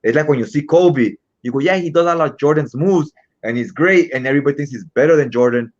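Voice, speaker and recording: A man's voice: on the high side, fast. Chatty man telling stories, lo-fi sound. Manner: animated storyteller, acts out quotes. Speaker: podcast co-host. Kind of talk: casual chat. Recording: dull lo-fi sound.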